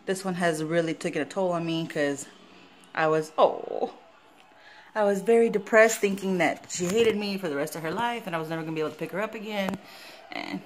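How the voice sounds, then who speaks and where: Chatty woman vlogging. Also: fairly quick. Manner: chatty, swoops into high baby talk with her dog. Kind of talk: casual vlog chat.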